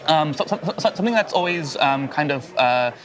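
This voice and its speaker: A man hosting an interview, talking in an excitable, rambling way with many fillers and restarts. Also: fairly high pitch, brisk, a crowd in the background. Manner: excitable, enthusiastic. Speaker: podcast host. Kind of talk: casual interview chat.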